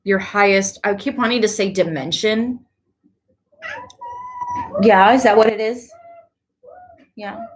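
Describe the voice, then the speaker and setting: A woman giving a casual tarot reading to her viewers, chatty and quick to laugh, with animated asides. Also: mid-range voice. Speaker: tarot reader.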